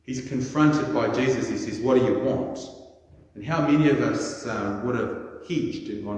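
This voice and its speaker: A man's voice: mid-range voice, normal speed, darkish tone, lo-fi sound. A man preaching a sermon in a conversational storytelling way, acting out quotes. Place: large echoey church. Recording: echoey church hall with long reverb.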